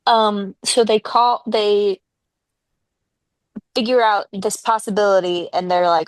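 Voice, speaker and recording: A woman's voice: mid-range voice, measured pace, long pauses, clean tone, dry recording. A young woman co-hosting a casual chat, retelling a film's plot and acting out the characters' lines. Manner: animated, acts out characters' lines.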